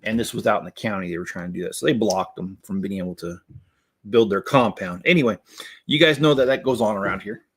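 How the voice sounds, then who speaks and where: A man's voice: fairly low pitch, fast, slightly rough. Chatty, laughing man on a livestream. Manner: rambling, lots of fillers, breaks into laughter. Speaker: livestream host building Lego. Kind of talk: casual livestream chat while building.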